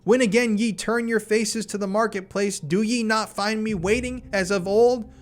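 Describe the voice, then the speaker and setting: A man's voice: sits high, lively intonation, unhurried, pitched above the performer's own voice. A man voicing a mocking evil spirit, the effigy of care, who shrieks and taunts. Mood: taunting shriek.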